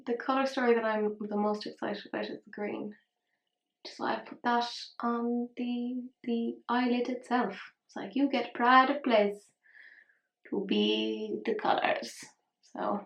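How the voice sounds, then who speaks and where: A woman with a fairly high, a bit bright voice talks at normal speed with a flat delivery as she rambles through a makeup tutorial, teasing herself along the way. The highs are cut off and the space sounds echoey.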